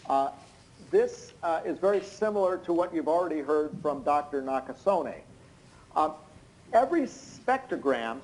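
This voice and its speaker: Man, expert witness, hoarse, tired, overly loud, halting explanations, video call audio. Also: fairly high pitch, low-quality recording. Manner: unnaturally loud; explanatory, with many hesitant fillers. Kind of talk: courtroom testimony over video call. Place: indoors in London at night.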